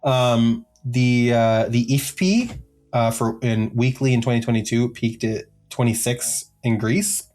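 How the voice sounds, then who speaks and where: A man with a slightly mellow mid-range voice co-hosts a music podcast, taking his time as he reads out chart positions. He rambles casually, using plenty of filler ums and making joking asides.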